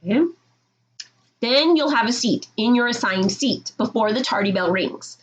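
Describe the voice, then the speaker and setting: A woman's voice: on the high side, expressive, moderate pace, low-quality recording. A woman teaching middle school, explaining classroom rules to her students in a firm, direct way and checking in with "okay?".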